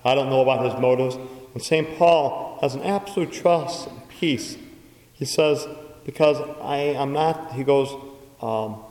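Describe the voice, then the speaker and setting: Priest preaching in an echoey church. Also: male voice, mid-range voice, darkish tone. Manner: storytelling with acted-out quotes. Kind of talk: sermon.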